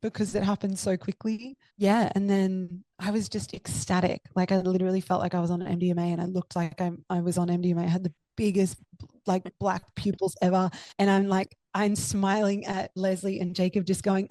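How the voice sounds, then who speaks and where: A woman's voice: mid-range voice, flat delivery, a little fast, mellow, dry recording. Young woman, podcast guest, dry close sound, gushing and heartfelt. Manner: emotional, effusive, many fillers. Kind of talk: candid personal storytelling.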